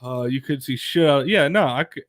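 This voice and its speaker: Rambling, animated male co-host. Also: mid-range voice, moderate pace. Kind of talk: casual profane banter. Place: radio studio.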